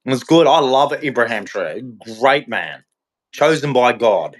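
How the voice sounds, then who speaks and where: Unhurried yet animated, a man with a mid-range voice hosts a live show from a hot Queensland room. He speaks without a script, heated and rambling, going over the same points and often starting his sentences afresh.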